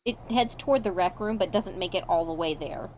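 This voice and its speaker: A woman's voice: fairly low pitch, brisk, darkish tone, slight background noise, low-quality recording. A woman running a tabletop horror campaign as game master, describing scenes with casual fillers and asides.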